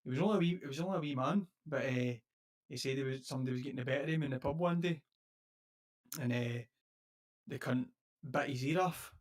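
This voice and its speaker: A man's voice: mid-range voice, quick pace, pauses often. A man with a Scottish accent, co-hosting a podcast in casual, rambling chat with plenty of swearing. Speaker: podcast co-host.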